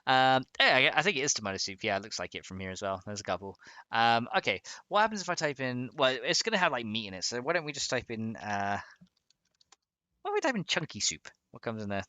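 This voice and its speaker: A man's voice: mid-range voice, big pitch swings, quick pace, bright, forceful tone, clear, resonant tone, dry recording, dull audio. A man casually chatting on a live stream while modding a game, rambling and laughing often as he reads chat.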